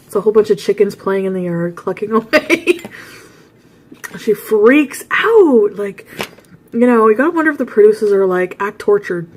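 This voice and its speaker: A woman's voice: medium pitch, lively intonation, moderate pace, a little hiss or hum. Chatty woman telling a rambling story. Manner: chatty, rambling, with frequent asides and laughs. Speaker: vlogger host. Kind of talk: casual storytelling vlog.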